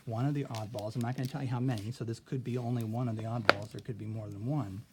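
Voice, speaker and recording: A man's voice: mid-range voice, fairly even intonation, fast, heavy background noise. A male teacher talking students through a phonics word sort, patient and step by step, often checking in with "okay?". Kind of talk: classroom phonics lesson.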